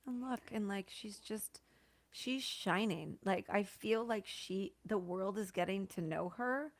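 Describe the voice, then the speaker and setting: A woman guest on a podcast, telling a heartfelt story in an animated way, tearful and laughing at once. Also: mid-range voice, measured pace, dry recording. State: crying. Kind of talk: emotional interview storytelling.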